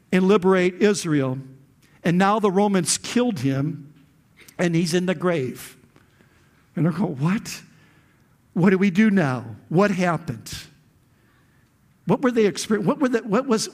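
A man preaching a sermon as pastor, impassioned, with rhetorical questions and dramatic pauses that build to loud peaks. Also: sits high.

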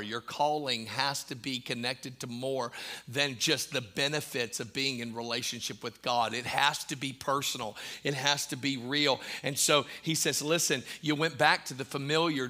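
A man preaching a sermon, moving from quiet, hushed lines to loud, shouted preaching and whispering quoted words. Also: mid-range voice, steady tone, normal speed.

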